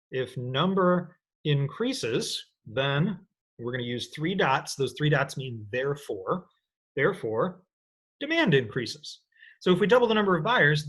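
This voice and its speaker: A man teaching an economics lecture in an energetic, playful way, often checking in with his students. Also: on the high side, breathy edge. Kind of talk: recorded lecture.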